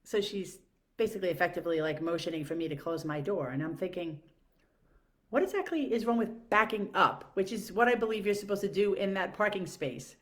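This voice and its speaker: A woman telling exasperated, animated stories in a casual monologue rant, swearing freely. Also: on the low side, fast. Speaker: podcast host.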